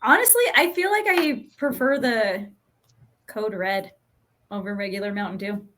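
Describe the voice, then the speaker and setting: A woman's voice: mid-range voice, moderate pace, background noise. A woman hosting a casual podcast round, chatting loosely and breaking into giggles. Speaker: guest host this week.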